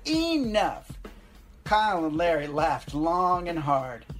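A woman narrates a story in a flat, deadpan way with a fairly low voice. Faint music plays under her reading. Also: unhurried, poor audio.

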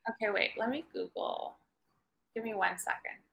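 A woman's voice: fairly high pitch, gravelly, bright, forceful tone. A woman guest on a comedy podcast, hesitant and laughing a lot in casual chat. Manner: slow, hesitant, laughing often.

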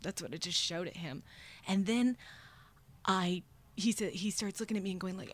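A woman in her twenties hosting a podcast, telling a funny personal story in an animated, self-deprecating way and laughing often. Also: medium pitch, moderate pace, pauses often, no echo. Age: 20s. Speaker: podcast host.

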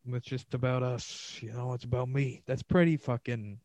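A man's voice: medium pitch, steady tone, moderate pace, a little mellow, no room sound, poor audio. Solo podcast host, male comedian: loose, swearing, self-mocking ramble, dry close mic.

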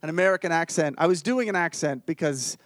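A man's voice: on the high side, quick pace, dry recording, studio quality. A man co-hosting a live comedy podcast, telling a sheepish, self-deprecating story. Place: stage before a live audience.

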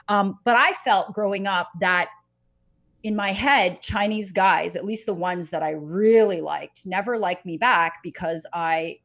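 A woman's voice: medium pitch, measured pace, fairly bright tone. A woman in casual chat, candid and profane, laughing often as she talks.

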